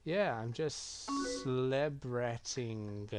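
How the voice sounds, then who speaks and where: A gaming streamer mutters his reactions and reads chat messages aloud while playing through a game. His medium-pitched voice runs a little slow, with soft music in the background. Keyboard clicks and typing are clearly heard throughout.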